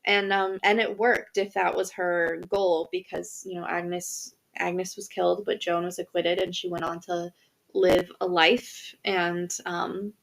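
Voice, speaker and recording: A young woman with a fairly low, gravelly voice speaks in a level tone at an unhurried pace. She's a podcast co-host retelling a history story in casual, chatty conversation, full of fillers and restarts, and she laughs easily.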